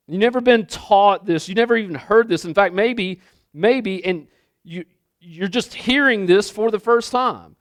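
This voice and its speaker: A man's voice: high-pitched, clean tone, no room sound, studio quality. A man preaching a sermon in a loose, conversational way, repeating phrases and checking in with his listeners. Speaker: pastor.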